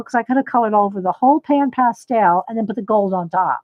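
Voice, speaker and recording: A woman's voice: mid-range voice, a little fast, hardly any pauses, a little mellow, no room sound. A woman hosting a casual live coloring tutorial, thinking aloud as she works and greeting viewers by name. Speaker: livestream host demonstrating coloring.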